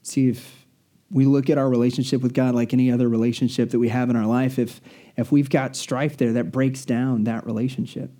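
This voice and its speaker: A man preaching a sermon in an earnest, storytelling manner, slowing down to stress key words. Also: medium pitch, flat delivery, warm tone. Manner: earnest, storytelling, slows down for emphasis.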